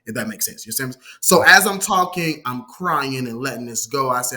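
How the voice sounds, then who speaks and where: With barely a pause, a man in his thirties rattles off a story in a mid-range voice as a guest in a laid-back interview. Once an assistant, he's lively, voices other people's lines himself, and repeatedly says "you feel me."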